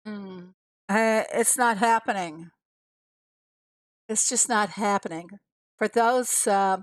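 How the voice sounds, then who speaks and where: A woman's voice: mid-range voice, dry recording. A woman streaming a mobile farming game, chatting casually with her viewers and talking herself through each move. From USA. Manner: chatty, talks to herself and reads chat aloud. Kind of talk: casual live-stream commentary.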